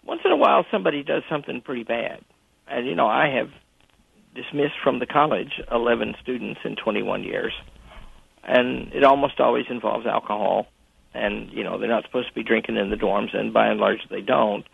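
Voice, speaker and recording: A man with a gravelly, husky voice tells a story over a tinny, dry phone line. He talks in an anecdotal way and keeps stopping to restart his sentences, the way a college president might recount a case from his years on the job. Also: mid-range voice, dry recording. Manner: anecdotal, halting with frequent restarts. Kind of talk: telling a story in a phone interview. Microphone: telephone.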